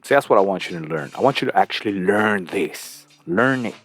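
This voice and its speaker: Brief: man, deep-ish voice, loose profane commentary, quiet music underneath. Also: expressive, a little fast. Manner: rambling, profane, chuckling often. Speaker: host reacting to a clip. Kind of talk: casual commentary.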